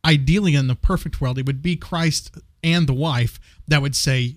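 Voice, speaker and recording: A man's voice: a little high, normal speed, hardly any pauses, no room sound, clean studio sound. A man co-hosting a casual Christian discussion podcast, earnest, often repeating words as he searches for what to say. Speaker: podcast co-host.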